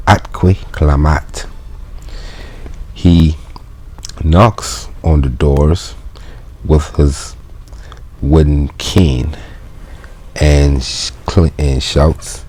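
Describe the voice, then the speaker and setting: A man's voice: very deep voice, steady tone, drawn-out words, long pauses, a little mellow. A man reading a Latin textbook aloud and translating it in a casual, slangy way, breaking off with laughs and asides. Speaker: Latin teacher.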